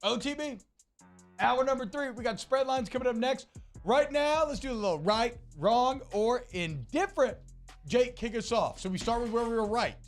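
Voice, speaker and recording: A man co-hosting a sports radio show, talking in an animated, joking and emphatic way. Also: extremely high pitch, moderate pace, soft background music. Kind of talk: casual sports talk.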